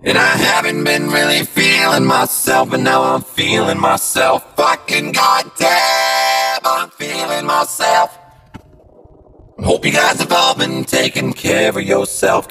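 A man talks through a voice changer app in a rambling, profane, half-sung podcast bit. The processed voice is gravelly and leaps all over the place while he drags the words out slowly. Loud music plays under him, and he is recording on a phone. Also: medium pitch. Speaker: podcast host. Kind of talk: half-sung comic monologue.

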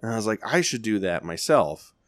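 A young podcast co-host tells a long, rambling story in casual chat, swearing heavily and acting out what people said in lively voices. His voice is lowish and a little fast, recorded at studio quality with no room sound.

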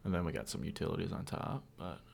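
Gravelly guest with short dry replies. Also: male voice, sits low, expressive, fast talker, a little mellow, slight background noise. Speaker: podcast guest. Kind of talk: casual podcast chat.

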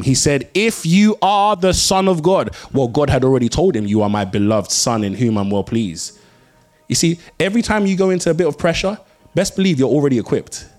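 Lively pastor preaching. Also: male voice, mid-range voice. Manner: lively storytelling with emphatic repeated phrases. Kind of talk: sermon.

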